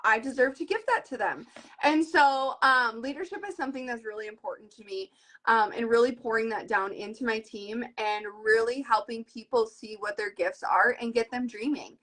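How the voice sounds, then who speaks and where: A woman's voice: fairly high pitch, moderate pace. A woman in her thirties, a direct-sales team leader, talking earnestly and with animation in a live video conversation. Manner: earnest and animated, retells conversations in lively voices.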